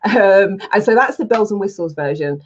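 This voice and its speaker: A woman's voice: mid-range voice, moderate pace, slight background noise. A woman, a healing coach telling stories in a casual webinar talk and acting out the quoted speech. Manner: lively storytelling, acts out quoted speech. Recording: dull lo-fi sound.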